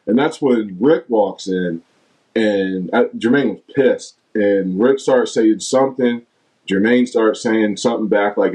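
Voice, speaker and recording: A man's voice: mid-range voice, measured pace, rough recording. A middle-aged man, a former basketball player, telling stories as a guest in a casual interview and acting out what others said. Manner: animated storyteller, acts out teammates' lines.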